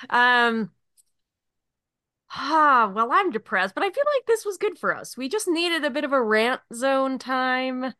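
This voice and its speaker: Woman co-host on a podcast, swears a lot, ranting, high bright voice, super lively. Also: takes it slowly, dry recording, studio quality. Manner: profane, ranting, laughs often. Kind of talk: casual podcast chat.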